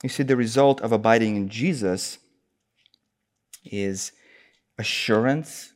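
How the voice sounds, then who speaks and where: A man preaching an expository sermon, citing scripture references in an earnest, emphatic cadence. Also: medium pitch.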